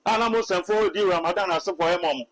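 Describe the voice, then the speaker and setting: Ghanaian male prophet, high voice, preachy and halting. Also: low-quality recording. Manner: preachy, repetitive, hesitant restarts. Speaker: self-styled prophet. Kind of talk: animated Twi commentary mixed with English.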